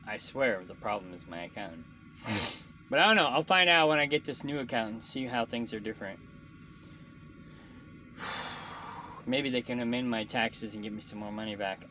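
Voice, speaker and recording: Bright-voiced ranting trucker man. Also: lowish voice, normal speed, long pauses, a little hiss or hum, low-quality recording. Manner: frustrated, ranting, swears often. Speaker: truck driver vlogger. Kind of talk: casual venting monologue.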